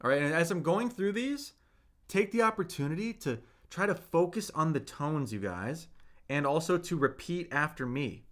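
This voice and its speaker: Animated man teaching Mandarin live. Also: on the high side. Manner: slow, drawn-out modeling of words for repetition; chatty, reads viewer comments aloud. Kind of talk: livestreamed language lesson.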